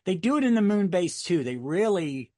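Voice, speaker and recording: A man's voice: high voice, very animated, moderate pace, darkish tone, no room sound, studio quality. An American man chatting casually on a podcast, rambling through anecdotes and tangents. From United States. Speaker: podcast co-host.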